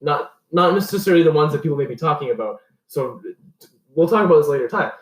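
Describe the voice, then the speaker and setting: A young man co-hosting a casual podcast, giving opinions with halting restarts. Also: on the high side, animated, far from the mic. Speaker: podcast co-host. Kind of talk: casual chat. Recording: echoey room, set back from the mic.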